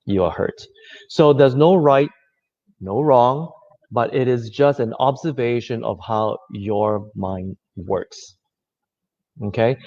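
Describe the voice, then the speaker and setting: A man giving a reflective talk, speaking gently and conversationally, with many fillers. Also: medium pitch. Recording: slightly dull lo-fi audio.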